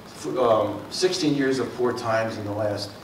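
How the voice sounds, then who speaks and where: A man's voice: on the low side, unhurried, roomy sound, recorded from a distance, slight background noise, poor audio. A middle-aged man from the Mid-Atlantic with a Philadelphia and South Jersey accent, giving a folksy, rambling talk to a community forum, full of fillers and self-corrections. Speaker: water district speaker. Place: meeting room.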